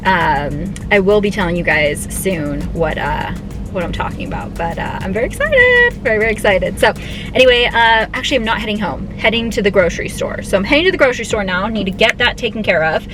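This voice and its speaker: Young female vlogger, casual and excitable, talking straight to a handheld camera over music. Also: mid-range voice, a little fast, low-quality recording. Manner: chatty, excitable, many fillers and restarts. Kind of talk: casual vlog chat. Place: car, then store and home.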